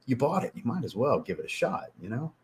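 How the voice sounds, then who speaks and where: A man hosting a fragrance livestream, chatting casually, telling profane, animated stories and reading out chat messages. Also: mid-range voice, fast, a little hiss or hum. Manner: animated, profane storytelling, reads chat aloud. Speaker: livestream host.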